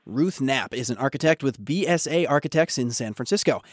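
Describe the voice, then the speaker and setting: A man hosting a public radio show, announcing in a relaxed, conversational way. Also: mid-range voice, fairly quick, no echo. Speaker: radio podcast host.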